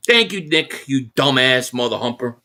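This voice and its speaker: A furious man hosts a live reaction stream, swearing bluntly and circling back to the same complaint as he reads out viewer messages. His pitch swings widely from line to line, and his tone is bright and forceful. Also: expressive, normal speed. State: angry. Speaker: live stream host reacting to a football game.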